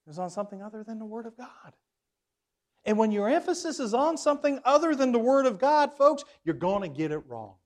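A man with a notably high voice leads a Bible class. He reads verses aloud with stress on key words, then puts questions to the group. His level swings widely, sometimes dropping almost to a murmur. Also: big pitch swings, fairly quick. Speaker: preacher.

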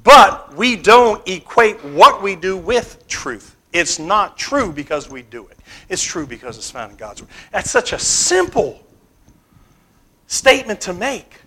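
A man teaching a Bible class like a sermon. He asks the class questions, repeats key phrases, and swings between loud stressed words and quiet asides. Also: sits high, very animated, a little slow, low-quality recording.

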